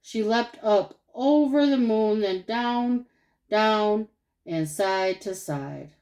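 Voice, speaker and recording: A woman narrating a children's storybook aloud. Her voice sits at an average pitch, and her reading is expressive and animated. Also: extremely slow, low-quality recording. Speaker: storybook reader.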